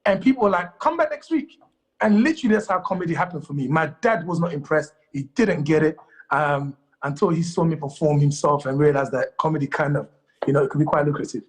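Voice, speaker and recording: A man from Congo, a guest comedian, talks in a studio interview. His voice sits fairly high and his pace is very quick. He tells lively anecdotes in a casual way.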